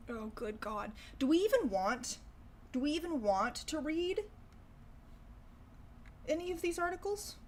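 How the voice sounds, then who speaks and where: A woman's voice: high-pitched, big pitch swings, takes it slowly, long pauses, darkish tone, slight background noise. A young woman hosting a casual livestream, chatting sarcastically with lots of profanity and laughter. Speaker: livestream host. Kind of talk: casual livestream chat reacting to news.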